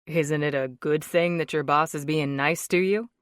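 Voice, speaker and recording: A protective wealthy young man, speaking in a low-key, firm and steady way with a slightly deepened tone, as a woman reader puts him on. The audiobook sound is dry and close-miked. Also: moderate pace, clean tone, no room sound, natural voice. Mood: calm. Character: protective rich young man, calm and determined. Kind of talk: audiobook character reading.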